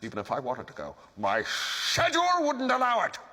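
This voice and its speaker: A man's voice: medium pitch, wildly swooping pitch, fairly quick, bright, forceful tone, big-room sound, heavily acted. An actor playing a grumpy, reclusive male creature who sarcastically lists his gloomy schedule, heard far off as a film clip. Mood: sardonic.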